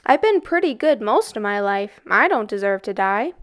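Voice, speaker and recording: A woman's voice: medium pitch, big pitch swings, normal speed, natural voice. A woman voicing an earnest frightened boy.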